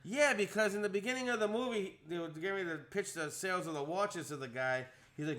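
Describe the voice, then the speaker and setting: A young man telling a story on a casual podcast, animated, acting out the quotes in a rising voice. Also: sits high, quick pace, hardly any pauses.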